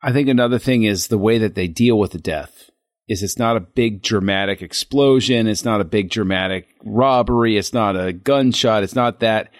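A man co-hosting a podcast, talking through a film scene in a reflective, halting way with frequent restarts. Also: lowish voice, no echo, studio quality. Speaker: podcast co-host. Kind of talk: casual film discussion.

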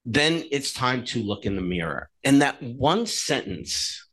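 A man co-hosting a podcast, telling stories in a casual, animated way and acting out the dialogue in them. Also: mid-range voice, measured pace. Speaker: podcast co-host.

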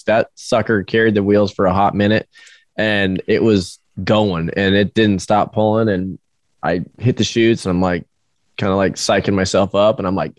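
A drag racing driver, a man, telling a story in a casual interview. He is animated and swears freely. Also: fairly low pitch, no room sound, clean studio sound. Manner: animated storyteller, acts out quoted voices, swears, laughs.

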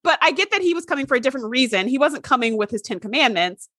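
A woman's voice: high voice, lively intonation, fast, sharp tone, breathy edge, no room sound, studio quality. A woman co-hosting a casual chat about a TV episode, laughing often and mimicking characters in mocking asides. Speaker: podcast co-host.

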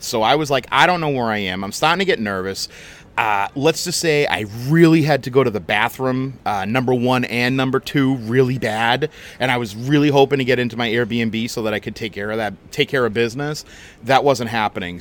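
A man hosting a podcast, telling a story in a casual, animated, chatty way and swearing freely. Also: medium pitch. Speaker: podcast host.

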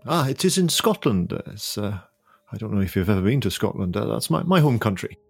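A man playing a courteous, gravelly gentleman traveller. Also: on the low side, big pitch swings, a little fast, no echo, soft background music, heavily acted. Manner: courteous, hesitant, formal phrasing. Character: polite, genteel male gentleman traveller.

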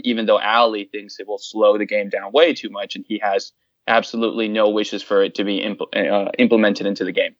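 A man's voice: on the low side, no echo, dull audio. A man co-hosting a casual sports podcast, who laughs easily and pokes fun at himself. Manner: laughs often, self-deprecating. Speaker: podcast co-host.

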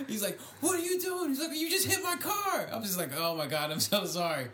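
A man's voice: high voice, expressive, fairly quick, sharp tone, a little hiss or hum. A young man on a podcast, telling a story in casual chat and laughing often as he goes. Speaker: podcast co-host.

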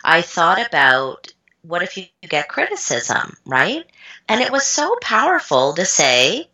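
Woman guest, low bright voice, lively storyteller, dramatizes quotes. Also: unhurried, breathy edge, poor audio. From Canada. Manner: animated, acts out quoted voices with big pitch jumps. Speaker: guest expert on self-doubt. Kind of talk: casual storytelling in a podcast interview.

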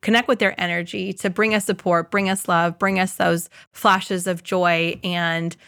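A woman's voice: lowish voice, flat delivery, a little slow, vocal fry, fairly bright tone, dry recording, studio quality. A woman hosting a spiritual podcast, telling a personal story in an earnest, casual way and acting out the voices she quotes. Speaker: podcast host.

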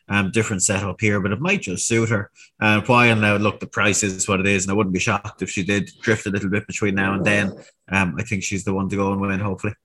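A man's voice: fairly low pitch, bright, forceful tone. A man giving horse racing picks on a podcast, stammering and repeating words. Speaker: racing pundit. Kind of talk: casual podcast chat.

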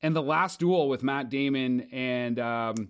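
A man co-hosting a casual podcast chat, animated and excitable, swearing freely as he talks. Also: mid-range voice, measured pace, smooth, dull audio. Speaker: podcast co-host.

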